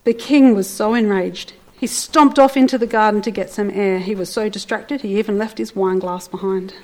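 A woman narrating a story in an expressive, theatrical way with playful asides. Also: mid-range voice, a little fast, low-quality recording.

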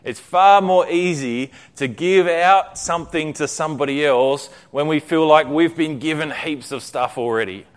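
A man's voice: on the high side, moderate pace, few pauses. A man preaching a sermon in a conversational way, then reading a story aloud. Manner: conversational, with frequent fillers and restarts.

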